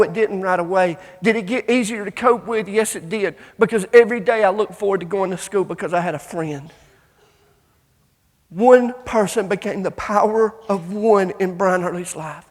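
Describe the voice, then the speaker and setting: A man giving an emotional motivational speech to students, telling stories emphatically and swinging between loud and hushed delivery. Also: high voice, moderate pace. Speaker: motivational speaker. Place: large conference hall. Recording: long hall reverb.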